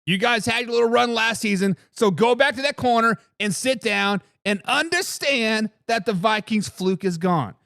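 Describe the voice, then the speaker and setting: A man's voice: high voice, moderate pace, vocal fry, hardly any pauses, pushed and bright, no echo, clean studio sound. A man hosting a live sports talk show, trash-talking with brash energy as he answers viewers in the chat.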